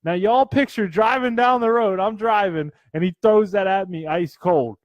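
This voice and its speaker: A man co-hosting a casual comedy podcast, telling animated stories, swearing a lot and laughing often. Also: high-pitched, normal speed, dry recording, dull audio. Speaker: podcast co-host.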